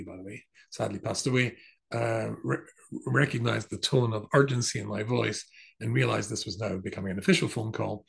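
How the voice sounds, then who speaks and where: A man's voice: on the low side, creaky, low-quality recording. A man, a rabbi, telling a long personal story in a rambling, anecdotal way with many asides. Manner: anecdotal, digressive, with asides and restarts. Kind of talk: storytelling talk.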